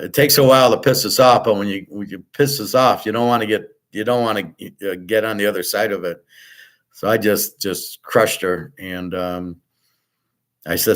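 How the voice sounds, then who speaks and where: A man's voice: fairly low pitch, a bit bright. Blunt, profane man ranting. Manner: blunt, profane and exasperated, repeats himself. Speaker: host. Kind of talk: ranting monologue.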